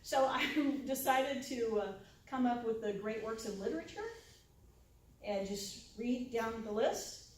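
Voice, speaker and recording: A woman's voice: a little high, unhurried. A woman giving an informal talk to a live audience, chatty, often asking "right?" and acting out quoted reactions. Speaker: lunchtime discussion presenter. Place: university room with audience. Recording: very echoey room, voice from far off.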